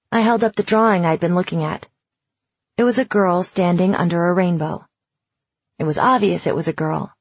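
Breathy woman narrating a story. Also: on the low side, normal speed, dry recording, lo-fi sound. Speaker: audiobook narrator. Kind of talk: first-person audiobook narration.

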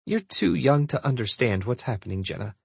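A man voicing a worried, overbearing middle-aged mother in an audiobook, pleading and insistent, with a husky voice. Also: medium pitch, big pitch swings, fairly quick, no room sound, heavily acted. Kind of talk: audiobook character voice.

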